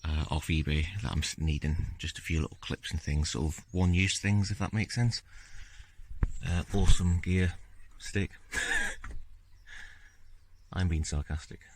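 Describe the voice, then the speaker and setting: A man talking casually through his car-repair video diary on a handheld phone camera, relaxed and rambling with lots of fillers. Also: a bass voice, normal speed, slight background noise. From Scotland.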